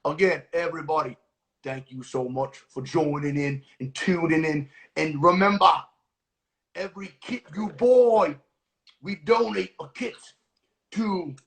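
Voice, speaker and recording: A man hosting a casual livestream cooking class, talking in a goofy, playful way with mock-rough slang. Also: a little high, a little slow.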